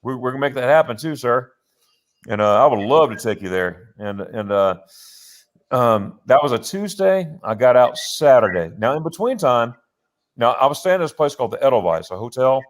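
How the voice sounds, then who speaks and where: A man's voice: medium pitch, normal speed. Rambling man telling a story. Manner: rambling, animated anecdote with many restarts. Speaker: host. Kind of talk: casual storytelling chat. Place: home office. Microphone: laptop.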